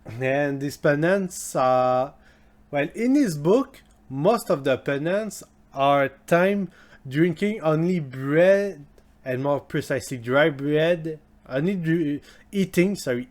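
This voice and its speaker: A man's voice: a little high, lively intonation. A man whose first language is French, hosting a history explainer in a casual spoken style and often restarting and correcting himself. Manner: slow and halting, many restarts and self-corrections. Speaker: history video host.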